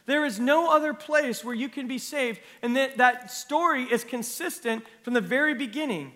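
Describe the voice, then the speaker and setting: Man preaching, high voice, bright tone, earnest sermon, reads scripture aloud. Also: normal speed, long reverb tail. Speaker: pastor.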